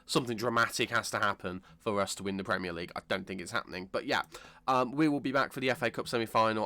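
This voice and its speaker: A British man hosting a gaming channel, talking through a let's-play while unwell with a cold, chatty and rambling, correcting himself and bursting into excitement. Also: on the low side, no room sound. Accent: British English. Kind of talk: casual let's-play commentary.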